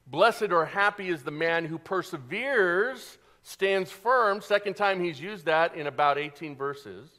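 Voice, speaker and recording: A male pastor preaching a sermon, animated, asking the congregation questions and answering them himself. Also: sits high, measured pace, few pauses.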